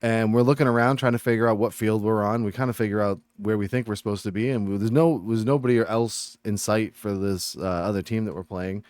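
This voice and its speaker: A man's voice: lowish voice, steady tone, a little fast, hardly any pauses, a little mellow, no echo, clean studio sound. A man from Massachusetts chatting and ranting on a live game stream, reading viewer chat aloud.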